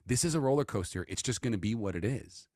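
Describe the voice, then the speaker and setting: A man's voice: on the low side, expressive, quick pace, a little mellow, no room sound, clean studio sound. A man with a New York accent, a guest on a podcast, talking earnestly and with profanity about life. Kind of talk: casual reflective chat.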